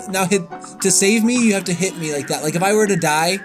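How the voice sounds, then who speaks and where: A man's voice: high voice, fast. A man co-hosting a casual let's-play video, chatty and laughing, explaining the controls. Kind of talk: casual gameplay chat. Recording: music playing behind.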